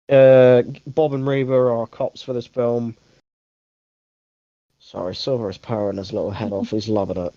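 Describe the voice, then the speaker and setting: A man's voice: medium pitch, dark tone, no room sound. A young man chats through a film review in a loose, rambling way, often stopping to correct himself and dropping the odd swear word. His voice sits mid-range, and the recording is dull and lo-fi, with a very dry, close sound. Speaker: podcast host. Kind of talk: casual movie review chat.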